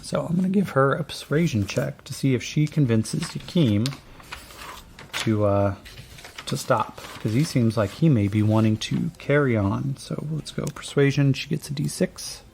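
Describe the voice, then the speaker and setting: A man's voice: mid-range voice, animated, normal speed, vocal fry, darkish tone, a little hiss or hum. A man narrating as game master of a tabletop game, laid-back and rambling with lots of fillers.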